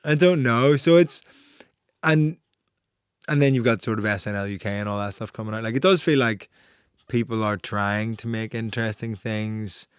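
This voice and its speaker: A male comedian chatting as a guest, relaxed and self-deprecating, with casual swearing. His voice is low and smooth, recorded close and dry. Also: moderate pace, no room sound. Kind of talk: casual chat.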